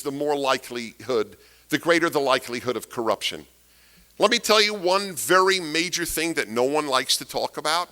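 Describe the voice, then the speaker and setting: A man's voice: a little high, animated, moderate pace, bright, forceful tone. A man giving a political lecture to an audience, emphatic and fond of rhetorical questions, repeating key phrases for weight. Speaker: speaker giving a talk.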